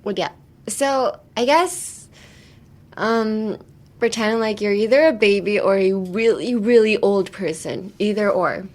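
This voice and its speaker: A woman's voice: mid-range voice, slow pace, darkish tone. Giggly young woman teaching English. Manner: giggly, laughs often, chatty with fillers. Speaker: English teacher and podcast host. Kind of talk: casual language lesson.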